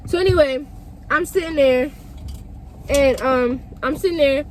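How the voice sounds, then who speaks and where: A young woman vlogger telling a story in a lively, emphatic, profane way. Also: high voice, measured pace, a little hiss or hum. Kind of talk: storytime vlog.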